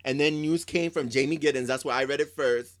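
A man co-hosting a casual chat show, talking in an excitable, dramatic, gossipy way. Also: medium pitch, brisk, no room sound. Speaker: podcast co-host.

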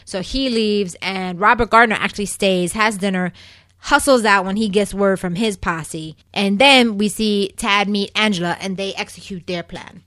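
A chatty, opinionated woman hosts a recap show and keeps talking straight to her listeners as "people." Her voice sits at a middle pitch and sounds close and dry, with no room around it. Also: moderate pace, fairly bright tone, no room sound. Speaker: soap opera recap host. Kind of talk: casual chat.

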